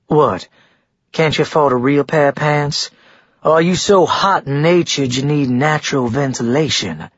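An arrogant young frat boy with a sneering, acidic bite, as a male reader plays him. The voice sits a little above the reader's own and stays husky. The recording is dry and dull. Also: fairly high pitch, a little slow, no room sound, pitched above the performer's own voice.

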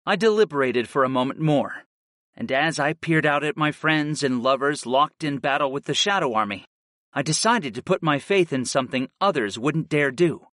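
A man narrating a first-person fantasy audiobook in a steady, earnest way. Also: on the high side, moderate pace, no room sound, studio quality.

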